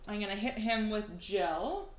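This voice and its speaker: A woman's voice: medium pitch, measured pace. A woman playing a tabletop game, reading out rules and adding up dice in a matter-of-fact way. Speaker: player. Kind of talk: casual tabletop game play. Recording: echoey room with faint noise.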